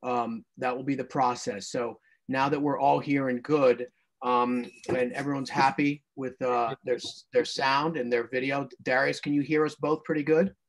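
A man's voice: mid-range voice, little pitch movement, normal speed. A man hosting a video call, explaining the stream setup in a rambling way with many fillers. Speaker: host and stream producer.

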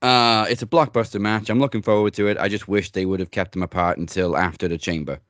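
Deep-voiced man in casual chat. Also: fairly even intonation, fast talker, fairly bright tone, dry recording. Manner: blunt, joking, swears freely. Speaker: podcast host.

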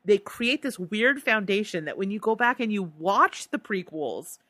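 A woman's voice: mid-range voice, animated, normal speed, pushed and bright, no room sound. A woman co-hosting a podcast in casual chat, reading listener answers aloud and laughing often. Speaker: podcast co-host.

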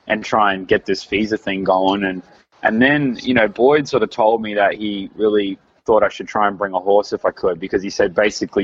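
A man's voice: on the low side, breathy edge. An Australian man, around his thirties, chatting casually as an interview guest, rambling with lots of fillers and restarts. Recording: dull lo-fi recording.

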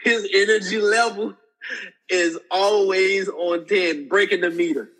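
A man guesting on a podcast tells animated, laughing stories and acts out the voices of people in them. His voice sits high for a man and has a husky, slightly raspy edge. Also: a little slow, rough recording. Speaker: podcast guest, former football player. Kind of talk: casual storytelling.

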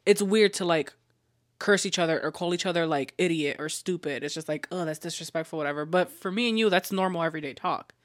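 A woman's voice: fairly low pitch, fast talker. A woman co-hosting a podcast with her partner, telling stories animatedly and laughing through her lines. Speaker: podcast co-host. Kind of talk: casual couple chat.

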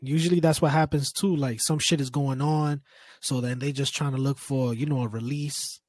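A man's voice: medium pitch, steady tone, normal speed, darkish tone, dry recording, clean studio sound. A young man, a podcast co-host, bantering bluntly and animatedly with plenty of swearing. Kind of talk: casual chat.

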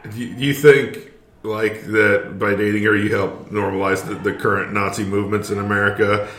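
A man co-hosting a podcast in casual chat. He thinks out loud in a wry, hesitant way, full of likes and trailing thoughts. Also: lowish voice, level tone, normal speed. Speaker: podcast co-host.

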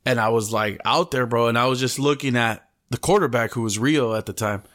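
Casual chat from a young podcast co-host who tells long profane stories, leaning on "bro" and sprinkling Spanish slang through his English. His mid-range voice is fairly bright and his delivery brisk.

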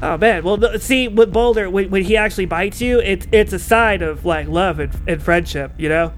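A man with a high voice plays his character in a tabletop game, drawling and rambling with fillers. Faint music plays behind him. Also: normal speed. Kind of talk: in-character role-play.

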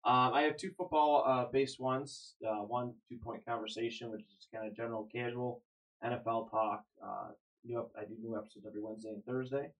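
A man's voice: mid-range voice, steady tone, a little fast, highs cut off. A man chatting as a podcast guest, rambling and correcting himself as he goes. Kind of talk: casual chat.

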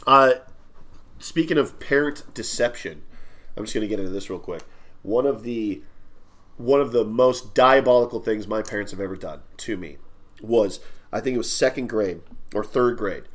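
A podcast co-host tells a long childhood story in loose, rambling casual chat, swearing along the way. His voice is fairly low in pitch and moves at a moderate pace.

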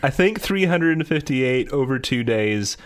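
A man's voice: mid-range voice, expressive, a little slow. A man in casual chat about video games, joking and teasing his co-host.

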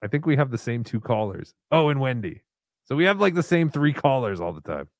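A man's voice: medium pitch, sing-song, brisk, dry recording. A man hosting a live stream, casually playing callers' voicemails and chatting about them. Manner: easygoing, swears casually.

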